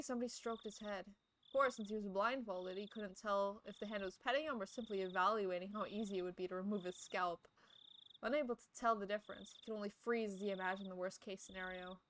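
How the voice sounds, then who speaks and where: A woman's voice: medium pitch, fairly bright tone, slight background noise. A playful, giggly young woman streaming, reading a visual novel aloud and chatting with viewers.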